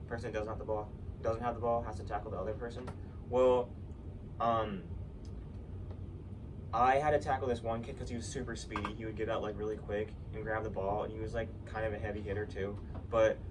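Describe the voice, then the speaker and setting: Teen boy chatting from a distance. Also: fairly low pitch. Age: teens. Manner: rambling, swears a lot, many fillers. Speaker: podcast co-host. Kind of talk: casual chat. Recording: distant mic with noise.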